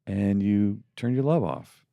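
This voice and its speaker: A man's voice: lowish voice, a little slow, creaky, no echo, narrow, tinny audio. A middle-aged man co-hosting a faith podcast, talking casually and putting on mocking voices when he quotes people. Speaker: podcast co-host.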